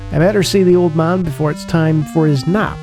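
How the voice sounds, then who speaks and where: A man reads the part of a would-be mob boss in a 1930s gangster game. The voice is gravelly and pitched a bit high, and the speech is full of tough-guy slang. Faint music plays underneath. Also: fairly even intonation, fairly quick, close to an everyday voice. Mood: scheming.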